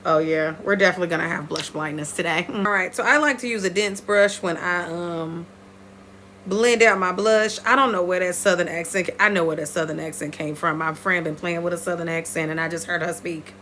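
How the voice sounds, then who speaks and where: A woman walks her viewers through a makeup routine in a playful, chatty way, with a bright, forceful tone. She breaks into high squeals now and then. A faint hum sits under her voice. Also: brisk, few pauses. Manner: lively, playful, talks straight to viewers. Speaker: beauty vlogger.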